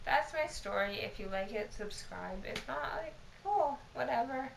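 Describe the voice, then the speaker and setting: A woman's voice: high-pitched, animated, measured pace, vocal fry, roomy sound, slight background noise, poor audio. A tipsy woman in her twenties telling a casual, profane, exasperated storytime to her camera. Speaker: vlogger.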